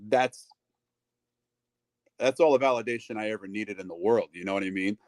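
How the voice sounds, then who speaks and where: A man's voice: on the low side, moderate pace, darkish tone, no echo. A middle-aged man, a wrestling ring announcer, chatting as an interview guest, full of fillers and acted-out quotes. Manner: chatty, acts out quoted voices, lots of fillers. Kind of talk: casual storytelling interview.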